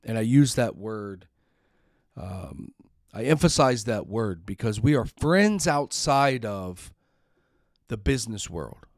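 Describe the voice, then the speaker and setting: A middle-aged podcast host with a fairly low voice tells a personal story slowly and with animation, earnest and emotional, sometimes repeating words when upset. The recording is dry with clean studio sound.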